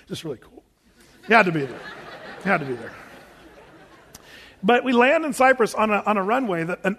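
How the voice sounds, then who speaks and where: The voice is high and fairly bright: a man preaching to a live congregation, spinning a personal story in a chatty way and laughing often at himself. Long reverb from a big hall colors the recording.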